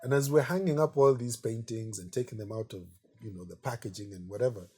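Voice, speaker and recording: A middle-aged man, an artist being interviewed, telling relaxed anecdotes in a chatty way and often saying "you know". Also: mid-range voice, fast, slightly rough. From Kenya.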